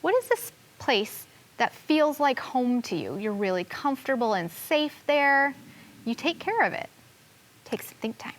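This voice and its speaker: Female teacher, TV classroom: expressive read-aloud, gentle explanation for first graders. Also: high voice, a little slow, slight background noise. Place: television classroom studio.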